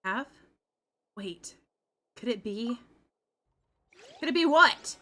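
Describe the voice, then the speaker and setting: A young adult woman streaming a game reaction, loud and excitable, swearing through the surprises. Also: on the high side, slow. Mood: excited.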